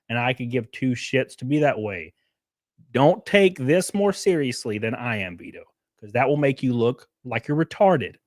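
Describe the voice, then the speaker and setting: A man's voice: on the high side, no room sound, clean studio sound. A man from Alabama, ranting and laughing on his livestream. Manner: profane, mocking, laughing often. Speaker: streamer. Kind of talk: casual livestream rant.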